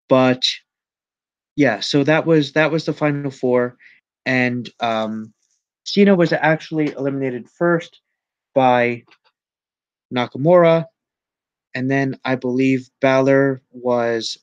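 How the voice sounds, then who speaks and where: A man's voice: medium pitch, clean tone, no echo, lo-fi sound. A man hosting a wrestling news show, recapping matches in a rambling casual way with many ums and self-corrections.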